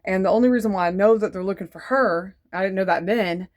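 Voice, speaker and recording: Talking fast in a mid-range voice, this woman recounts her faith testimony in a loose, rambling way packed with fillers. She's a Christian testimony vlogger, and she comes across as sincere and devout.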